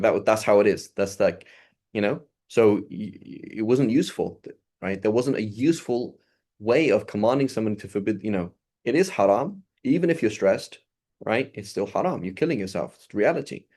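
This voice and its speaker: A man teaching a religious lesson in a casual, conversational way, acting out little dialogues as he goes. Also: fairly low pitch. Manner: animated, acts out dialogue in quick asides. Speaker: Islamic teacher.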